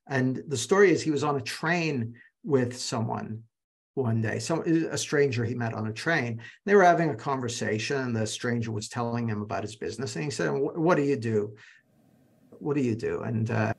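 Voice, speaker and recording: A man's voice: medium pitch, normal speed, creaky, husky. A man teaching a live online masterclass, telling anecdotes and speaking directly to his audience over a video call.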